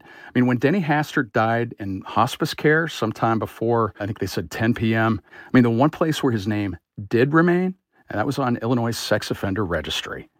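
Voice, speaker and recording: A man with a middle-pitched voice talks through a political story in a conversational way. The sound is close and dry. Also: no room sound. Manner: conversational, with "I mean" fillers. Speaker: politics editor in a radio interview. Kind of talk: conversational analysis.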